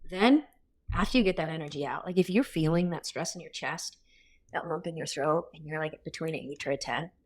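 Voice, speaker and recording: A woman in her thirties giving a coaching talk in a workshop style, energetic and blunt, with casual swearing. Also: fairly low pitch.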